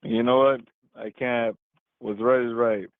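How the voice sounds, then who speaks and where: A man's voice: mid-range voice, level tone, measured pace, no echo. A man in his forties in a casual heated debate, stammering, repeating words and laughing often. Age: 40s. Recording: tinny phone-like call audio.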